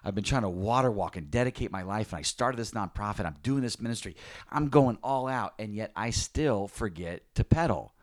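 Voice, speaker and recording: Fairly low in pitch, animated, and fairly quick, this man leads a ministry and co-hosts a podcast, speaking frankly about prayer in a relaxed faith conversation. He rambles and restarts, poking fun at himself, and the clean studio recording has no room sound.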